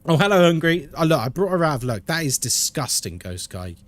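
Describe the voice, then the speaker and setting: A British man streaming a game, chatting casually, reading chat out loud and laughing often. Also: on the high side, sing-song, fairly quick. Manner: chatty, laughs a lot, reads chat aloud.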